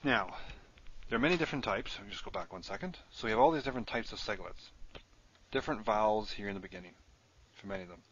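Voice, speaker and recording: A man with a fairly low voice walks through a grammar lesson step by step, writing as he talks. The recording is dull and lo-fi, with a faint hiss underneath. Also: fast, fairly bright tone. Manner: explains step by step while writing on screen. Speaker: Hebrew teacher.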